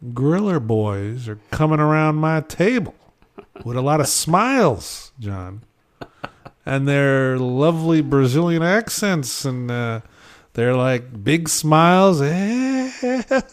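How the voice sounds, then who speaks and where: A man's voice: a little high, very animated, slow pace. A man on a casual podcast, telling a story animatedly with lots of fillers and acted-out quotes. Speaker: podcast host. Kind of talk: casual chat.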